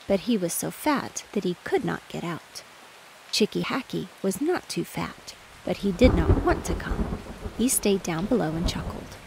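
Gentle bedtime-story narrator, woman, gravelly low edge, faint rain underneath. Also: slight background noise. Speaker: audiobook narrator. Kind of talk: calm bedtime story reading. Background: rain and distant thunder.

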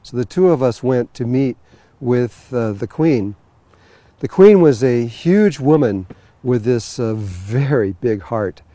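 A man recounting a personal story in a loose, meandering way, stumbling over restarts and fillers as he goes. His voice is warm and mellow, and the recording is close and dry. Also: medium pitch, lively intonation, slow, no room sound. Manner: rambling, full of fillers and restarts. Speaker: spiritual teacher telling a story. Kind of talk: storytelling talk.

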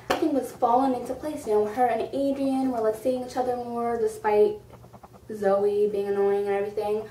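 A young woman casually reviewing a book, gushing and excitable, saying "like" often. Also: a little high. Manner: gushing and excitable, full of "like" and "freaking out". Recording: echoey room, far from the mic, faint noise.

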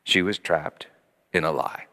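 A middle-aged man preaching a sermon as pastor, telling a story with lively acted-out voices and sudden hushed drops. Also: sits low, a little slow. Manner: animated storytelling, acting out voices, dropping to hushed tones. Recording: long hall reverb.

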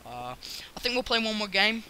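A young man hosting a casual gameplay video, rambling and excitable, with bursts of shouting at other players. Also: sits high, brisk, noisy background. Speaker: gaming channel host.

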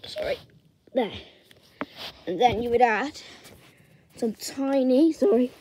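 Young woman, drawing tutor, unhurried and chatty, narrates step by step. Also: fairly high pitch, warm tone, a little hiss or hum.

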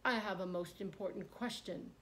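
A woman's voice: mid-range voice, normal speed, close to an everyday voice. A woman voicing a haughty, impatient governor. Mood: formal. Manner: loud, demanding, indignant.

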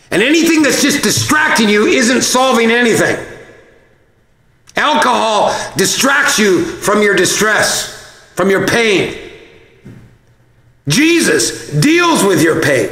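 A male pastor with a strikingly high, bright voice that swoops up and down as he preaches. He drives his points home with force and breaks into shouts now and then. His voice rings through a large hall with long reverb. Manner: emphatic, exhorting, at times shouting. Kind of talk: sermon.

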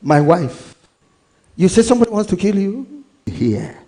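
A male pastor with a Nigerian English accent preaching a sermon, reading scripture slowly and emphatically and acting out Bible stories. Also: sits high, very animated, dark tone.

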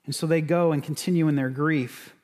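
A man's voice: fairly high pitch, steady tone, fairly quick, darkish tone. A man from California preaching a sermon as pastor, in a conversational way with frequent restarts and repeated words. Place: church sanctuary. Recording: church sanctuary with long reverb.

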